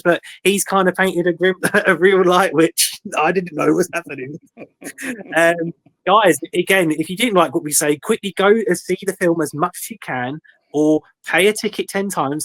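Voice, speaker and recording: A man's voice: on the high side, a bit bright. A young man co-hosting a casual podcast chat, rambling and joking with lots of fillers. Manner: rambling, jokey, many fillers and laughs. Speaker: podcast co-host.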